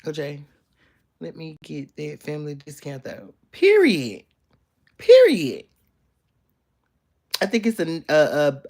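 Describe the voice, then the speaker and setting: Low-voiced sassy young woman. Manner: playful, sassy, teasing. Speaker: live streamer. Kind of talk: casual chat reading viewer comments. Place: bedroom, in bed.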